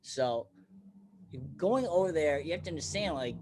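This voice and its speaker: A man's voice: a little high, animated, moderate pace, noisy background. A man from Pennsylvania, a comedian guest telling profane stories in casual podcast chat and acting out quotes. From Bethlehem, Pennsylvania, USA. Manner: profane, storytelling, acts out quotes.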